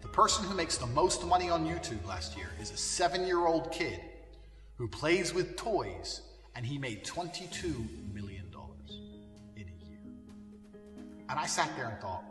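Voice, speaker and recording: A man ranting bluntly and profanely, his voice high-set, bright and lively in pitch. He sounds off-mic in an echoey hall with a long reverb tail. Faint music plays under him. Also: normal speed, recorded from a distance. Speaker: speaker giving a self-help rant. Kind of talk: ranting monologue.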